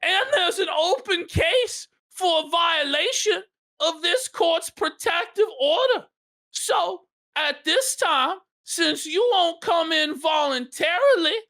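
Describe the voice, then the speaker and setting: A woman voicing a stern, angry male judge with a Southern US accent, loud and scolding. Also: very high-pitched, voice pushed up, full character voice.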